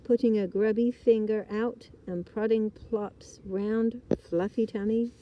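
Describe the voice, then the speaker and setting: A woman reading a children's book aloud in a gentle, expressive storytelling style. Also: mid-range voice, slow, highs cut off, a little hiss or hum. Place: outdoors in a hammock.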